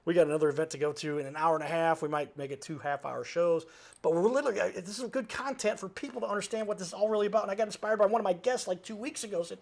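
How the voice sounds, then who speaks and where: Animated man telling a rambling story. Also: sits high, very fast, creaky. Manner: animated, jumps between asides and self-corrections; laughs while he talks. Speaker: talk show host appearing as a guest.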